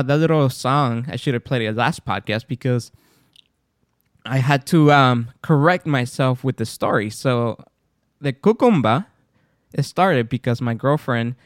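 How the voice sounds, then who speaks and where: A man hosting a podcast, chatting casually and telling stories in an animated way. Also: mid-range voice, no room sound, studio quality. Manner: animated storytelling, lively intonation. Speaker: podcast host. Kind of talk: casual chat.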